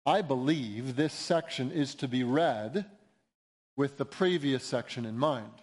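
A man's voice: medium pitch, measured pace. A man preaching an expository sermon, emphatic and building intensity at key points. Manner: emphatic, rising to near-shouts when quoting cries. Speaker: pastor.

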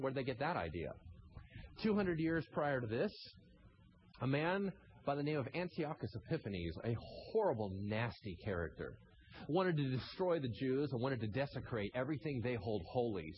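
A man's voice: mid-range voice, dull audio, slight background noise. A man preaching a sermon, asking the congregation rhetorical questions and reading scripture aloud. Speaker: pastor.

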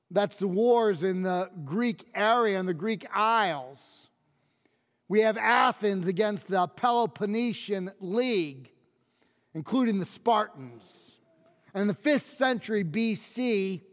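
Man preaching, high voice, slow deliberate pace, echoing church sanctuary. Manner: emphatic, drops low and quiet on key phrases. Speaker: pastor. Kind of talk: sermon.

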